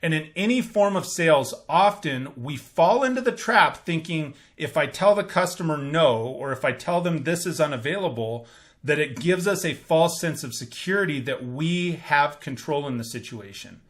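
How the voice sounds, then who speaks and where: A man hosting a sales training podcast, coaching listeners in an energetic, demonstrative way. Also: a little high, moderate pace. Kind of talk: instructional podcast monologue.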